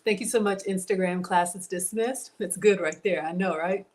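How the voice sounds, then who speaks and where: A woman's voice: on the low side, moderate pace, darkish tone. A woman hosting a casual cooking livestream, chatting with viewers about her food and reading their comments. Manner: chatty, reads viewer comments, says y'all.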